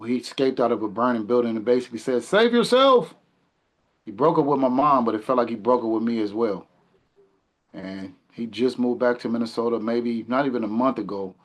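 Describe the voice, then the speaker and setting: Earnest reflective man in his forties. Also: mid-range voice. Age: 40s. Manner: earnest, reflective, drops quieter at the ends. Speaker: podcast guest, community mentor. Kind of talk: casual conversation.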